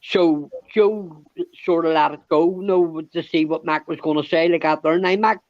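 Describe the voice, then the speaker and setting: A man with a high voice rants through a casual livestream chat. He swears constantly and keeps coming back to the same phrase. The sound is close and dry, with a slightly dull, muffled tone. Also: steady tone, moderate pace, no room sound. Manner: ranting, heavy swearing, repeats "it's me". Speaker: show host.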